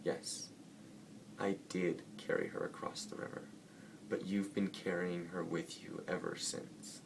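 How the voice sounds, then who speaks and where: A man voicing a serene, wise monk who answers quietly and gently. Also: deep voice, flat delivery, unhurried, vocal fry, distant mic, background noise, pitched below the performer's own voice.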